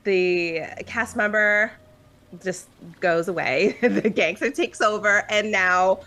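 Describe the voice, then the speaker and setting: A woman with a medium-pitched, bright voice talks slowly and forcefully, though the audio is poor. As a podcast co-host, she chats loosely, laughs often, and uses many filler words.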